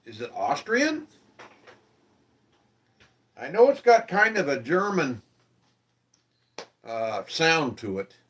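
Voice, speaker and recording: A man with a rather high voice hosts a live stream, chatting with his viewers in a friendly way. He talks slowly and easily and keeps asking them questions. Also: big pitch swings. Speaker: live-stream show host. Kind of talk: casual chat with viewers.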